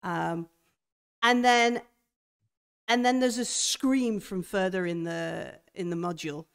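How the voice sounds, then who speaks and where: A woman game master describing a horror scene in a tabletop game, halting as she goes. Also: mid-range voice, clean tone. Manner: halting, full of fillers and restarts.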